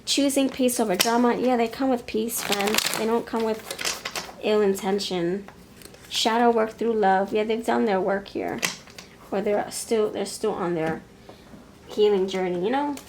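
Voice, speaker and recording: A woman's voice: mid-range voice, a little slow, background noise. Musing woman giving a tarot reading. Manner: musing, hesitant, laughs often. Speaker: tarot reader. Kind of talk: pick-a-card tarot reading.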